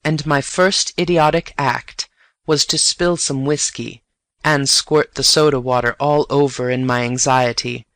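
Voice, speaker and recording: A man's voice: mid-range voice, steady tone, measured pace, a bit bright, no room sound. Man narrating a story, dry and close. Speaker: audiobook narrator. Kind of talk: scripted story narration for learners.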